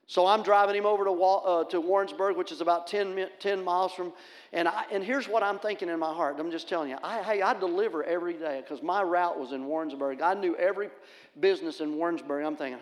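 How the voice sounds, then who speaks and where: A middle-aged male pastor, preaching a sermon in a folksy, animated storytelling manner and acting out the voices in his stories. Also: high voice, fast talker. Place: church sanctuary. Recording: long hall reverb.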